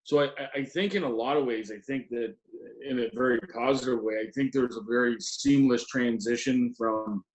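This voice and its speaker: A man's voice: mid-range voice, steady tone. Middle aged guy reminiscing about coaching, lots of ums and restarts, echoey room. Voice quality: halting, many ums and restarts. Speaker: former assistant hockey coach. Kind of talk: reminiscing interview answers. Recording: roomy echo.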